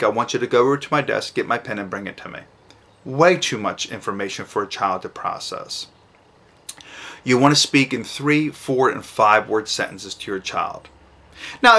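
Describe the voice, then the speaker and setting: A middle-aged man, a parent giving advice to camera, who speaks slowly and enunciates each word with emphasis. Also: mid-range voice, sharp tone. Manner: slow, deliberate, emphatic enunciation. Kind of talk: instructional talk to camera.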